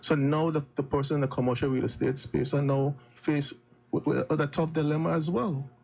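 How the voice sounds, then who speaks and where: A man with a gravelly voice delivers a critical political speech at a live event. He talks earnestly and often restarts his phrases. The recording has a muffled, lo-fi quality. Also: fairly high pitch, fairly even intonation, brisk, a little mellow. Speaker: opposition politician. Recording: dull lo-fi sound.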